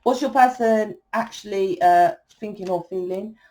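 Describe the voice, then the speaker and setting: A woman's voice: mid-range voice, lively intonation, normal speed, few pauses, warm tone. A woman giving a tarot reading in a fiery, blunt monologue, swearing freely and asking "right?" often. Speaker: tarot reader.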